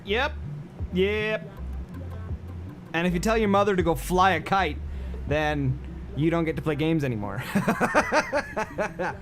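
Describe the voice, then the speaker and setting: Against a noisy background with music, a game streamer with a voice on the high side chats casually on his livestream. He rambles and answers chat, using lots of fillers and repeated words.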